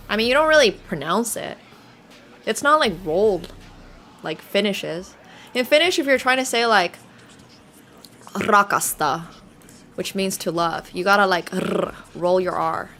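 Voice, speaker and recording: A woman's voice: mid-range voice, expressive, normal speed, a bit bright, soft background music. A woman chess streamer chatting casually with her live viewers, leaning on "like" and laughing easily.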